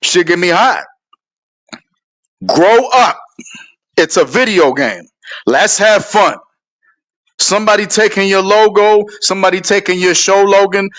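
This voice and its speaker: A man's voice: high-pitched, lively intonation, moderate pace, a bit bright. A man hosting a live stream, ranting heatedly and cursing in a drawling voice. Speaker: show host.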